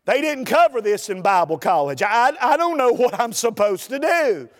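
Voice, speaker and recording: A man, a preacher telling a humorous story in a folksy, animated way during a sermon. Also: extremely high pitch, moderate pace, in a large hall.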